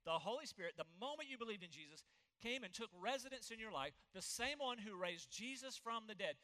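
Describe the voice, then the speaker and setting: A man's voice: sits high, lively intonation, a little fast, pushed and bright, long reverb tail. A man preaching a sermon as pastor, earnest and emphatic, reading scripture aloud to his congregation.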